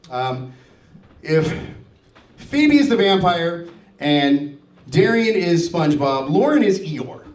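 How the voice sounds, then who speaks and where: A man in his fifties performing standup comedy, his voice pitched high and swinging widely as he plays the people in his stories. The sound is echoey, as if picked up from a distance in a large venue. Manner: animated storytelling, acting out family dialogue. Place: stage before a live audience.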